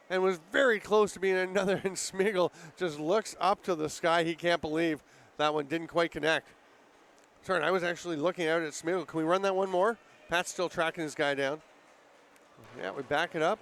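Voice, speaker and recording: A high-pitched male play-by-play announcer calling a lacrosse game from the booth. He talks through the rules in an easy explaining tone, then his voice leaps up when a shot rings off the post. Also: moderate pace, slight background noise. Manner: excitable, rises sharply on big plays. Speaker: play-by-play commentator. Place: arena broadcast booth.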